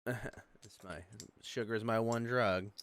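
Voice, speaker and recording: A man's voice: medium pitch, fairly even intonation, normal speed, fairly bright tone. A young man hosting a casual online talk show, laid-back and chuckling often. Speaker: podcast host. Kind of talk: casual chat.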